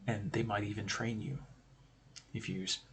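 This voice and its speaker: A man's voice: lowish voice, steady tone, moderate pace, a little hiss or hum. A man hosting a stream, explaining tabletop game design in a rambling, conversational way with joking asides. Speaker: stream host.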